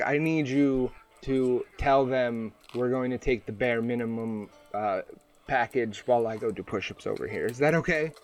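A man's voice: mid-range voice, moderate pace. A man playing a tabletop role-playing game, talking in a rambling, hesitant way full of fillers and restarts. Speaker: player. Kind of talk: casual tabletop game play.

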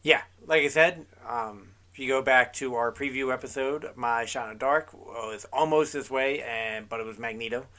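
Bright-voiced easygoing podcast co-host, male. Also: medium pitch, moderate pace, few pauses. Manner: easygoing, agreeable, hesitant with ums. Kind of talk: casual recap chat.

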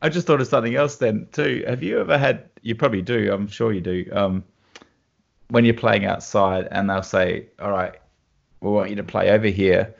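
Australian guitarist, man, low gritty voice, anecdotal, lo-fi audio. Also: moderate pace, creaky. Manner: animated anecdotes with laughs. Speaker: guest guitarist. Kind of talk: casual storytelling chat. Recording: dull lo-fi sound.

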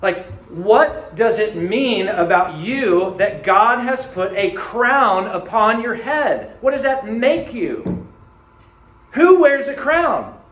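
A man preaching a sermon as a pastor, animated, dropping to hushed tones and rising to emphatic peaks. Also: high voice, takes it slowly, roomy sound, rough recording.

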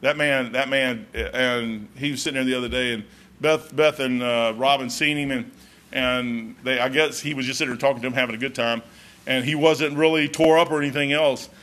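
A man's voice: mid-range voice, a little fast. A man preaching a folksy, storytelling sermon as pastor, peppering his talk with "man". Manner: folksy, storytelling, animated, says "man" often.

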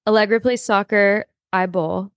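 A woman co-hosting a casual podcast chat, excitable and gushing, swearing now and then. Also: medium pitch, normal speed, dry recording, studio quality. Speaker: podcast co-host.

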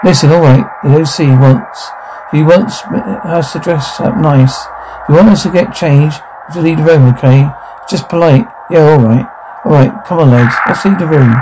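A man's voice: on the high side, normal speed, background noise, close to an everyday voice. An actor playing a coarse male soldier who swears constantly and barks orders at his men, in film dialogue. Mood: commanding. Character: foul-mouthed male soldier barking orders. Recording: film soundtrack with music underneath. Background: music.

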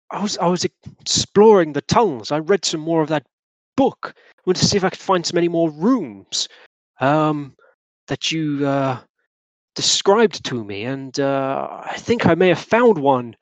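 A man voicing a mustached male professor with an explorer's build, who explains himself earnestly in halting, stammering phrases. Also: a little high, no echo, pitched above the performer's own voice. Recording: dull lo-fi sound.

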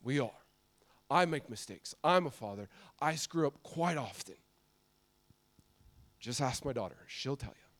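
A middle-aged American man preaching a sermon, swinging from loud emphasis to soft, confiding passages. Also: medium pitch, animated, measured pace, long pauses. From United States.

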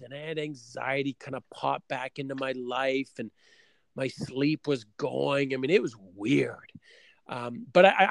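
A man's voice: mid-range voice, no echo. A middle-aged man from Canada telling a story in casual chat, acting out both sides of his conversations.

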